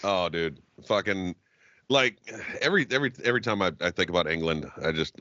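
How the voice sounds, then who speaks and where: A man's voice: lowish voice, bright, forceful tone, no room sound, muffled recording. An American man co-hosting a podcast, ranting in a rowdy, profane way with bursts of laughter, in casual chat. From United States. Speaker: podcast co-host.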